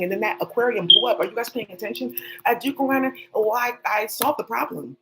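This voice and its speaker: Woman channel host, rapid-fire profane rambling monologue, slightly high voice, faint hiss behind. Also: bright, forceful tone, rough recording. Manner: rapid, profane, talks to unseen people.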